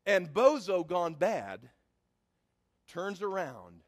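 A man's voice: high-pitched, big pitch swings, drawn-out words, big-room sound. A man telling a personal story in a sermon as a preacher, building to emphatic preaching.

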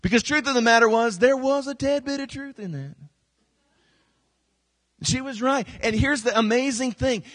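This pastor's voice is very high-pitched; he keeps a moderate pace with long pauses, and there is no echo. In his sermon he tells stories with animation, acting out quotes and repeating phrases.

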